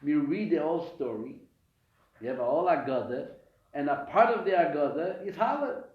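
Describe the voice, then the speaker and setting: The speaker is a rabbi running a weekly live Torah class, lively in manner, putting questions to himself and answering them while frequently starting over. His fairly high voice keeps a moderate pace, captured in an echoey room with dull lo-fi quality.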